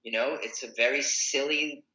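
Bright-voiced rambling comedian, roomy sound. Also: male voice, mid-range voice, steady tone, moderate pace. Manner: rambling, self-correcting, many fillers. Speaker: comedian and podcaster. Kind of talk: casual conversation.

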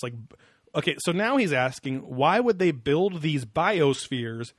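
A man's voice: a little high, expressive, unhurried, slightly rough, no room sound, clean studio sound. A man co-hosting a casual podcast, rambling and sarcastic, with frequent laughter. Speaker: podcast co-host. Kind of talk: casual chat.

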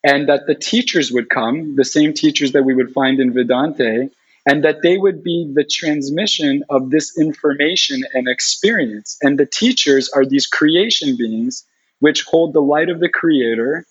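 A man telling a long personal story in an animated, rambling way, full of "like" fillers. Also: fairly high pitch, measured pace, slightly rough. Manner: rambling, heavy use of "like" fillers. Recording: dull lo-fi recording.

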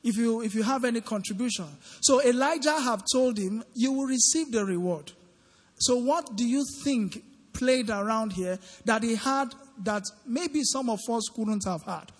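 A man with a high voice preaches in an interactive style, quizzing his congregation and prompting them to call back answers. His voice rings through a large church hall with a long tail of reverb. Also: moderate pace. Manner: questioning the congregation, call-and-response. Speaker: preacher leading a midweek Bible study. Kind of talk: interactive sermon. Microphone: handheld microphone.

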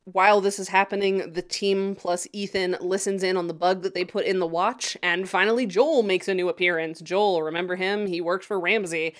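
A woman's voice: fairly low pitch, fairly even intonation, moderate pace, hardly any pauses. A woman co-hosting a podcast, recapping a TV episode in casual chat, laughing often and swearing freely.

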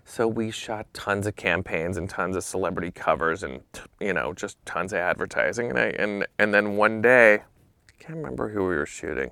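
A man telling stories as a guest in a casual interview, animated and swearing freely, acting out what others said. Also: fairly low pitch, moderate pace, vocal fry, no echo.

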